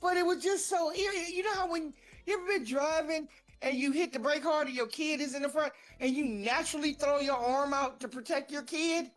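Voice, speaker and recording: Woman, high voice, animated profane storyteller, faint music behind. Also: a little fast. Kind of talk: casual storytelling.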